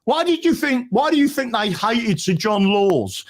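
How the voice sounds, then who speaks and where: A man's voice: extremely high pitch, big pitch swings, measured pace. A man telling a story in a casual, emphatic chat and often tagging "right?". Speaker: guest.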